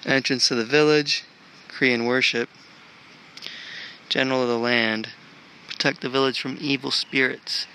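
A man's voice: mid-range voice, fairly even intonation, a little slow, long pauses, bright, forceful tone, a little hiss or hum. A man vlogging casually, thinking aloud as he walks through an outdoor park with a handheld camera. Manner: rambling, thinking aloud while walking. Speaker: travel vlogger. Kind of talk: casual walking vlog.

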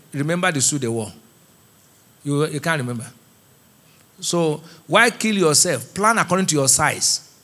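A Nigerian pastor in a church, preaching with a high, bright voice. He throws half-finished lines out to the congregation and waits for them to call back the missing words. Middle-aged, he sounds firm and lively in the pulpit. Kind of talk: sermon with call-and-response. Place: church auditorium.

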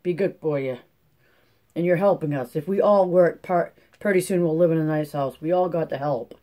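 A man's voice: on the high side, moderate pace, warm tone, close to an everyday voice. A man voicing a weary, stern poor farm mother, speaking in a rural drawl. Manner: rural drawl, firm but tired.

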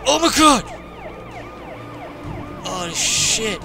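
A young man frantically commenting on a horror game he is playing, swearing and yelling at what happens on screen. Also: high voice, very animated, extremely slow, vocal fry, heavy background noise. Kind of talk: frantic let's-play commentary. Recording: game music loud behind the voice.

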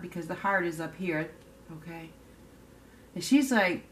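Giving a casual tarot reading, a woman speaks a little slowly with long pauses, her fairly low voice a bit bright. She's blunt and emphatic, often repeating herself, swearing offhandedly, and asking "okay?" to check in.

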